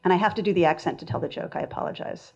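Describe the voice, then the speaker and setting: A woman's voice: on the low side, creaky, a little mellow. Woman reading her poems aloud, lo-fi. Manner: measured reading voice, chatty and self-deprecating between poems. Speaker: poet reading her work. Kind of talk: poetry reading with asides. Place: literary festival reading.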